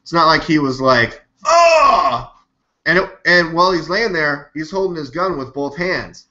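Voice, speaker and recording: A man hosting a live news stream, talking in a rambling, animated, skeptical way and swearing now and then. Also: fairly high pitch, moderate pace. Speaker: live news show host. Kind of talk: casual live-stream commentary. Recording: dull lo-fi webcam audio.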